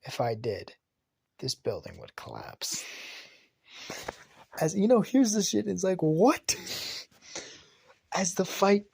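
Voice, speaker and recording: A man casually retelling an anime fan story, rambling and excitable, swearing and restarting often. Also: high voice, takes it slowly, gravelly, pauses often, slightly rough, no echo.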